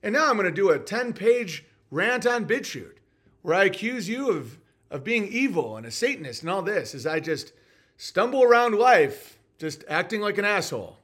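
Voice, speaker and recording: A man's voice: high-pitched, very animated, normal speed, fairly bright tone. A man hosting a live-stream podcast, reading viewer messages and answering with sarcastic, mocking rants.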